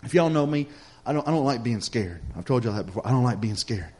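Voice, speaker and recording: A middle-aged man, preaching a sermon in a folksy storytelling way that builds to loud exhortation. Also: medium pitch, expressive, fast talker.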